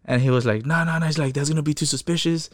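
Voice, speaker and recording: A man's voice: fairly high pitch, very fast, dry recording, studio quality. A young man telling his own story in casual talk, profane and rambling, acting out what others said. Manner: profane, quotes people in voices, rambling restarts.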